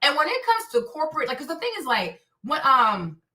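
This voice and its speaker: A woman hosting her own stream, talking in an animated, blunt way with plenty of profanity and repetition. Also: high-pitched, fairly quick. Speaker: show host. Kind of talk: livestream commentary rant. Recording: echoey room, distant from mic.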